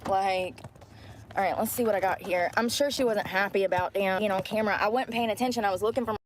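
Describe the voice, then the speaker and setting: A woman's voice: medium pitch, fast talker. A woman vlogging from inside her car, chatting candidly to viewers, rambling and swearing freely. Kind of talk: casual chat to viewers. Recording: car interior with vehicle noise.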